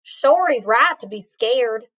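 A woman voicing a calm cowboy in a read-aloud storybook, with an easygoing drawl. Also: a little high, takes it slowly. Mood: steady. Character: calm old-west cowboy man.

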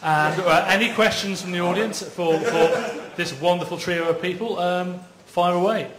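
A man with a raised pitch hosts a live event in a cheerful way, leaning on hesitant fillers. He sounds slightly off mic, and the room echo is noticeable. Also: steady tone, normal speed, a bit bright. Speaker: event host.

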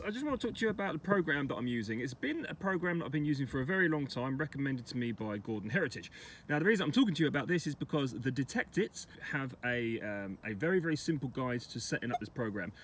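Chatty man vlogging outdoors. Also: mid-range voice. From England. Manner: chatty, excitable over finds. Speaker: metal detecting vlogger. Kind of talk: casual vlog commentary. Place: outdoors in a wet field.

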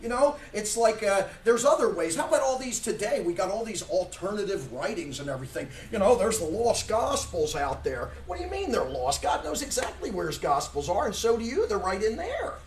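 A man's voice: high-pitched, sing-song, brisk, hardly any pauses, slight background noise. Emphatic male preacher in an echoey church. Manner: rhetorical questions, emphatic, sometimes shouting. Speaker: pastor. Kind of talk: sermon. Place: church sanctuary. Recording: echoey church room from far off.

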